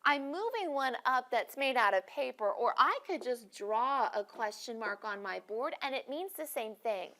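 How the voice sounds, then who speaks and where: A woman's voice: on the high side, expressive, moderate pace, hardly any pauses, pushed and bright. A woman teaching a phonics lesson, encouraging students and asking them questions by name.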